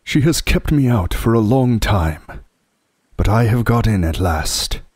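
Solemn old Father Christmas from a storybook, unhurried and mellow, a man doing the voice. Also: lowish voice, expressive, no room sound, clean studio sound. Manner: slow and solemn.

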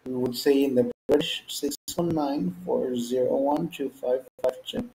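A man's voice: medium pitch, measured pace, vocal fry, dark tone, reverberant, a little hiss or hum, poor audio. A man teaching an English lesson, explaining and modeling example phrases and their stress. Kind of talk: classroom lesson.

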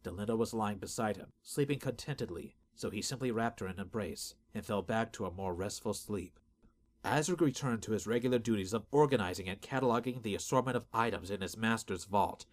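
A man giving steady, measured scripted narration of a fantasy audiobook. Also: fairly low pitch.

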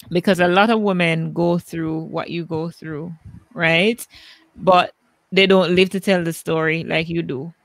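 A woman host moderating a live panel, speaking in a measured, affirming way and sometimes stopping to search for the right word. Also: fairly low pitch, gravelly, no room sound. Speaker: host and facilitator.

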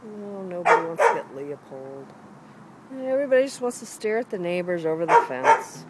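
In a backyard by a fence, a woman films her dogs on a handheld camera, calling and coaxing them in a sing-song voice. Her voice is fairly low and very animated, moving at a moderate pace. It's casual home-video narration with heavy background noise.

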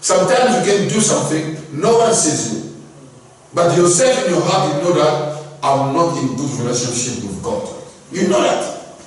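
A man's voice: a little high, lively intonation, normal speed. A male pastor preaching a sermon, emphatic and repetitive, often asking the congregation if they follow. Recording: echoey hall from far off.

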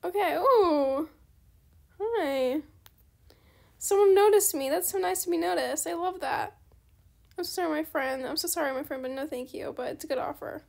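A woman's voice: sits high, moderate pace, creaky, pauses often. A young woman casually chatting while trading in a game, talking to herself and her viewers and apologizing often. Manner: chatty, apologetic, easily excited. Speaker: gaming channel host. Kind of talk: casual gameplay commentary.

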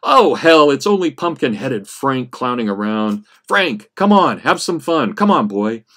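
A man's voice: mid-range voice, very animated, a little slow, voice pushed up. A man doing a jeering drunk convict. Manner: loud, jeering coughing laugh.

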